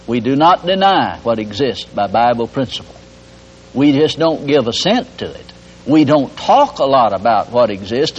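A man preaching a folksy, humorous sermon, repeating his points and acting out everyday examples, on a dull lo-fi recording. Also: on the high side. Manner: folksy and humorous, with lots of repetition.

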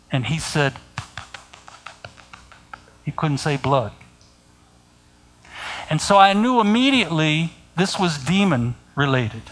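A middle-aged man delivering a sermon in a slow, unhurried cadence. His voice sits a little high for a man. He speaks deliberately and keeps pointing his listeners to scripture. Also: a bit bright, rough recording. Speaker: preacher.

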